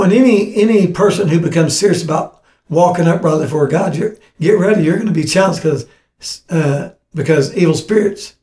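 In an echoey room, a man with a somewhat high, slightly mellow voice gives a teaching sermon. He reads scripture aloud and presses his listeners with earnest, repetitive exhortation.

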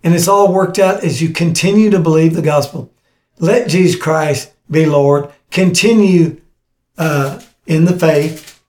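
A man's voice: a little high, a little slow, a little mellow. A man preaching a teaching sermon, reading scripture aloud and urging his listeners with earnest, repetitive exhortation. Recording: echoey room.

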